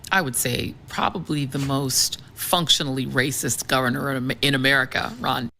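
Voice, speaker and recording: A woman's voice: extremely low pitch, steady tone, normal speed, gravelly, pushed and bright, a little hiss or hum. A woman commentator speaking with scorn and mockery, in a played broadcast clip. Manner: scornful, mocking. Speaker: television commentator.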